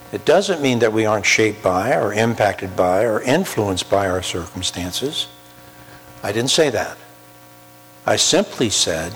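A man preaching a sermon, emphatic, with slow drawn-out pauses and repeated key phrases. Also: on the low side, animated. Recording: long hall reverb with faint mains hum.

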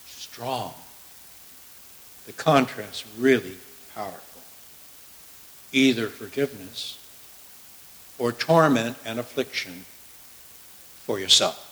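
A male preacher giving a sermon and reading scripture, emphatic, swinging from loud declarations to hushed asides. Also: medium pitch, rough recording.

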